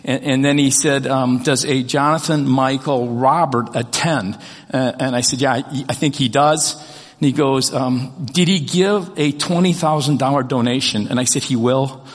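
A man's voice: medium pitch, moderate pace, long reverb tail. An older man preaching an Easter sermon as pastor, folksy and joking, telling light stories between points. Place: church sanctuary.

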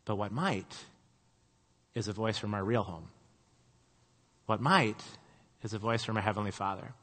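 A man's voice: fairly low pitch, moderate pace, a bit bright. A middle-aged man preaching a sermon, telling stories in a casual, conversational way with self-deprecating humor. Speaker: pastor. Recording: long hall reverb.

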